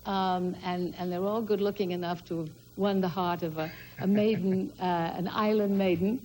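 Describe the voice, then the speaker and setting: A woman's voice: medium pitch, steady tone, normal speed, darkish tone, slight background noise, poor audio. A woman on a game show panel, asking polite, hesitant questions.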